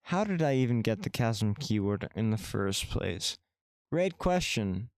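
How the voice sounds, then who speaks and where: Male streamer, reads game text aloud, wry asides, smooth voice, dry close sound. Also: on the low side, very animated, unhurried, no echo. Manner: casual, wry asides to chat. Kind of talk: let's-play commentary, reading game text aloud.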